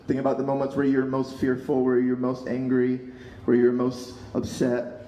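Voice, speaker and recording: A man leading a protest crowd through a calm, guided emotional exercise. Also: mid-range voice, a little hiss or hum. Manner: calm, coaching, measured. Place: outdoor street protest. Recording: echoey outdoor PA, crowd behind.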